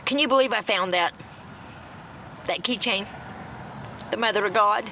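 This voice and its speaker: A woman's voice: mid-range voice, normal speed, pushed and bright, slight background noise. A middle-aged woman ranting to a phone in a blunt, profane, rambling way, recorded in a parked car. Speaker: TikTok livestreamer. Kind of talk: ranting casual monologue.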